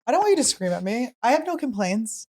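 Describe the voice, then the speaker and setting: A woman's voice: fairly high pitch, very animated, fast, a little mellow. A woman comedian in her thirties hosting a podcast, chatting casually and teasing her partner, laughing often. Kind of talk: casual chat.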